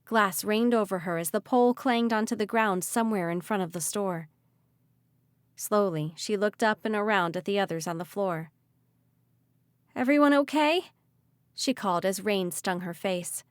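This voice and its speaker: A woman reading a young-adult fantasy audiobook in an expressive, vivid way on a close mic. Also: medium pitch, normal speed, clear, resonant tone, dry recording. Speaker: audiobook narrator. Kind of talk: audiobook narration.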